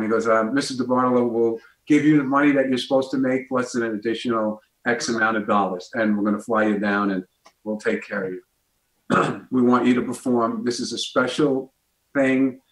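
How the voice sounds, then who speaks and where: A man's voice: medium pitch, roomy sound, rough recording. A man, a guest comedian telling a story on a talk show and acting out the voices in it.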